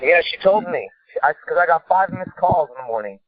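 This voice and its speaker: A man's voice: on the high side, lively intonation, fairly quick. A man co-hosting a call-in podcast, telling a story in an intense, profane, emphatic way. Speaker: podcast co-host. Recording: tinny phone-like sound.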